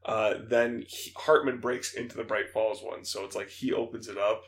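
Young male podcast co-host, gravelly voice, casual excited game talk. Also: on the low side, normal speed. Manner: excited, fillers, laughs, imitates voices. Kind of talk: casual chat.

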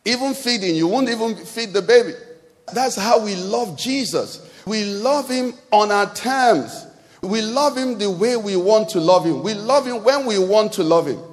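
A pastor with a Nigerian English accent preaches in a high, bright voice. His sermon is chatty and full of questions thrown to the congregation. The sound rings with a long reverb tail from a large church hall. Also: expressive, a little slow.

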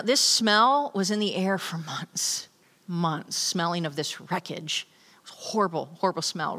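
Bright-voiced woman telling her story in a hall. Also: fairly low pitch. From New York. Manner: animated storytelling, acting out quoted voices. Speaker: speaker sharing a testimony. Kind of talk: personal testimony to an audience.

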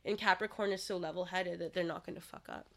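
A woman hosting a casual podcast chat and reading tarot cards, animated and quick to laugh. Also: fairly low pitch, creaky.

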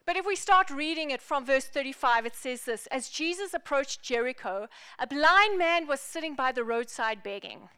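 A woman pastor preaching a sermon in an animated, playful, emphatic way. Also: high-pitched, moderate pace, few pauses, dry recording, clean studio sound.

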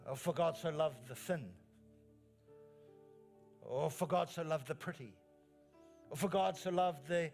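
Earnest male pastor preaching over soft music. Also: on the high side, a little slow, vocal fry, pauses often. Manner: earnest preaching with rising emphatic phrases and repeated lines. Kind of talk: sermon. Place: church.

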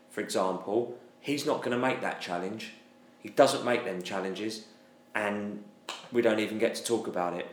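Male co-host, low voice, blunt opinions, echoey room sound. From England. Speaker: podcast co-host. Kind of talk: casual match review chat. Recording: roomy echo.

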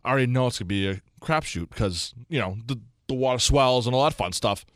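A young man, co-hosting a podcast and telling stories in a lively way, acting out what he said. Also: medium pitch, fast talker, no room sound, clean studio sound. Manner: animated storytelling, acts out his own quotes. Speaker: podcast co-host. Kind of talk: casual chat.

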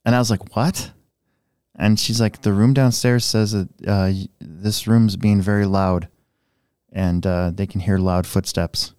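A man's voice: lowish voice, steady tone, a little slow, darkish tone, smooth, no echo, studio quality. A man co-hosting a hobby podcast, telling a rambling story in casual chat and restarting his sentences often. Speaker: podcast co-host.

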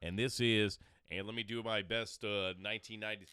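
A man's voice: lowish voice, fairly even intonation, fairly quick, hardly any pauses, sharp tone, clean tone, no room sound, clean studio sound. A man hosting a podcast, joking crudely in casual comedic banter. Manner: crude, joking, laughs often. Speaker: podcast host.

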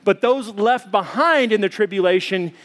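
High-pitched guy preaching, acts out his own screams, lively church story. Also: moderate pace. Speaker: pastor. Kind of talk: sermon with personal story.

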